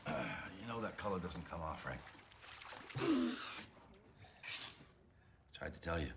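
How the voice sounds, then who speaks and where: An actor playing a battered, weary male enforcer who talks dry and gruff, reasoning calmly. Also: deep voice, quick pace, very noisy. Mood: wry. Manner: gruff, dry, calm reasoning under threat.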